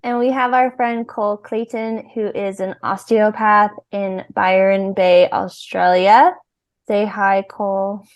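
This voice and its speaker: A woman's voice: medium pitch, fairly even intonation, slow. Cheerful woman podcast host. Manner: cheerful, giggly. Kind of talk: casual podcast intro and chat.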